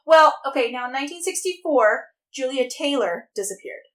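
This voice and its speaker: Lively high-voiced woman podcaster. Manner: animated, swearing, quick banter. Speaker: podcast co-host. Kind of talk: casual chat.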